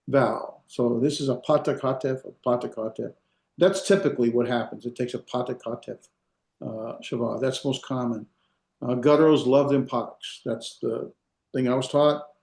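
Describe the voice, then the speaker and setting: A man teaching Hebrew walks his class through the material step by step, leaning on fillers and pausing to see whether students follow. He has a medium pitch with vocal fry and a slightly mellow tone, and the lecture was recorded in an echoey room.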